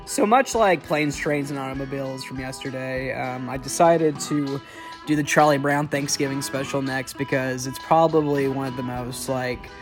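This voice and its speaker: A man's voice: medium pitch, normal speed, music in the background. A young man giving a casual, rambling, joking film commentary as a vlogger. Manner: chatty, joking, full of fillers and restarts. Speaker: vlogger reviewing holiday films.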